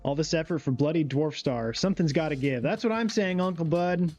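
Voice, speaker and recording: A man's voice: a little high, brisk, darkish tone, muffled recording, faint music behind. A man streaming a game live, chatting casually in a laid-back, rambling way and reading chat aloud.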